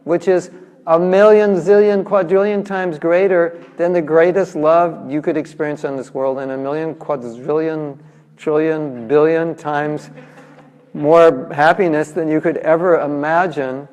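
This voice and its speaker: A man's voice: a little high, steady tone, unhurried, a little mellow. A man giving a spiritual class, talking in a casual, humorous way and acting out little quotes. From United States. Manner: conversational, humorous, acts out quotes. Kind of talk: lively scripture lecture. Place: large temple hall. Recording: reverberant hall.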